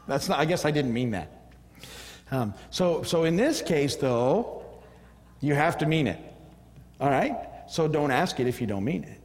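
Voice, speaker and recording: A pastor giving a casual, rambling sermon with chuckles and acted-out snippets of everyday conversation. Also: male voice, fairly high pitch, huge pitch swings, moderate pace, pauses often, big-room sound. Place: church.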